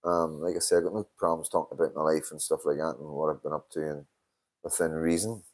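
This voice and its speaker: Older streamer with a very low voice, tired and sweary, chatting loosely to his viewers. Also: little pitch movement, fast. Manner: swears a lot, tired and yawning. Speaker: livestream host. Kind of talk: casual live-stream chat reading comments.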